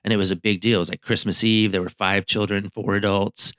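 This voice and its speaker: A man's voice: on the low side, level tone, brisk, fairly bright tone, clear, resonant tone, no echo, studio quality. A man, a marriage therapist co-hosting a podcast, chatting casually and reflectively with anecdotes. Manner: reflective, anecdotal, with frequent fillers. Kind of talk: casual conversational chat.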